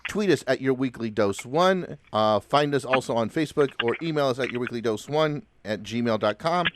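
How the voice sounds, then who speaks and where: A man's voice: medium pitch, expressive, moderate pace, background noise. A man hosting a casual podcast chat, upbeat and chatty, laughing often. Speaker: podcast host.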